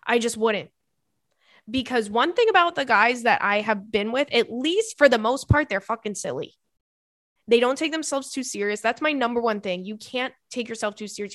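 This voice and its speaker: A woman's voice: a little high, fairly bright tone, no echo, clean studio sound. A woman hosting an advice podcast, reading listener letters and reacting with frequent laughter, swearing and dramatic apologies. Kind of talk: casual advice podcast chat.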